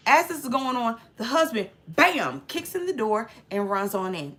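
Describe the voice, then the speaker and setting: A woman talks through a movie plot in a loose, chatty way, full of slang and filler. Her voice sits a little high and sounds bright and sharp. She acts out the scenes as she retells them. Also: normal speed, few pauses. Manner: lively storyteller acting out scenes. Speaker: movie reviewer. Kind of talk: casual movie recap.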